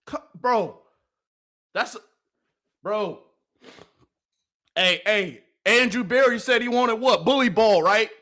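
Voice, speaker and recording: A man hosting a live sports reaction stream, loud and excitable, often yelling and laughing into a close microphone. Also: sits high, slow, long pauses. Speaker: sports reaction livestream host. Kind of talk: hyped live commentary on football clips. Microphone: close microphone he yells into.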